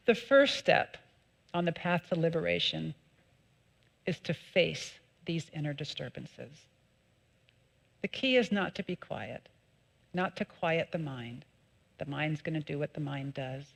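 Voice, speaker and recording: Measured woman minister giving a sermon. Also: low voice, creaky. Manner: calm, measured teaching with lively emphatic peaks. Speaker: associate minister. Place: church sanctuary.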